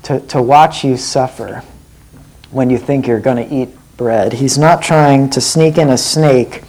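A man's voice: medium pitch, fairly even intonation, a little slow, darkish tone, rough recording. A man preaching a sermon in an earnest way, often putting direct questions to his listeners.

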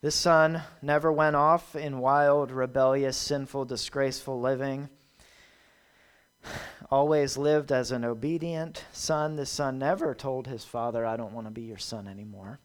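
A man's voice: mid-range voice, clear, resonant tone. A man preaching a sermon, retelling a parable with emphatic, repetitive phrasing.

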